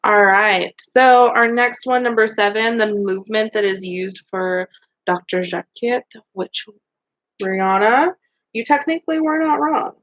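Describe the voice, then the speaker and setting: A woman's voice: mid-range voice, unhurried, fairly bright tone. Woman beauty school instructor, upbeat and encouraging, casual online quiz review, slightly muffled lo-fi sound. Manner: upbeat, encouraging, chatty with fillers.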